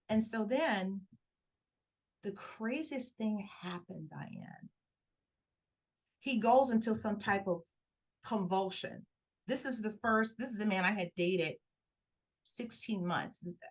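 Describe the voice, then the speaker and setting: Animated woman telling a personal story. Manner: animated, acts out quoted voices with rising pitch. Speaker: guest telling her life story. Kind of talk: conversational storytelling interview.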